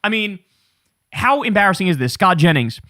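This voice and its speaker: A man's voice: high-pitched, big pitch swings, moderate pace, sharp tone, no room sound, studio quality. A man hosting an online political commentary show, blunt and sarcastic.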